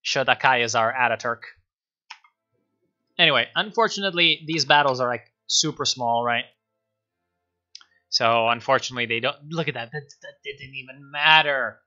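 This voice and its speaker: A man streaming a strategy game, excitable, swearing and laughing as he comments on his moves. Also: mid-range voice, moderate pace, pauses often, muffled recording, soft background music.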